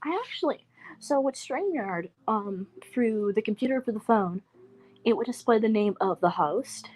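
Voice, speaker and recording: A woman's voice: a little high, lively intonation, normal speed, darkish tone, rough recording. Young woman, casual livestream chat, rambling storyteller, call audio. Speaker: livestream guest.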